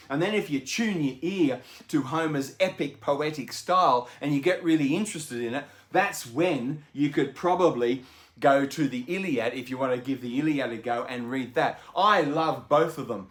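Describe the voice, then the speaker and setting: A man hosting a book channel, explaining in a chatty, enthusiastic way with lots of asides. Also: fairly high pitch. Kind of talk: casual explanatory book talk.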